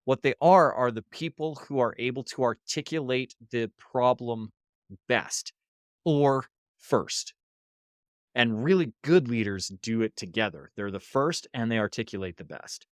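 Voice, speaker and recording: A man's voice: medium pitch, measured pace, no room sound, clean studio sound. A man telling a story as a podcast guest and talking about leadership workshops, acting out the voices of the people in it. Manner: animated storyteller, acts out quoted voices. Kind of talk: casual interview storytelling. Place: hostel room.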